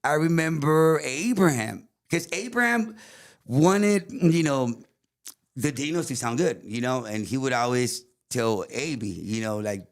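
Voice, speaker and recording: Man, fifties, guest musician, casual storytelling, animated, laughs often, middle pitch. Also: a little slow. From South Texas. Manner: animated, switches between English and Spanish, laughs often.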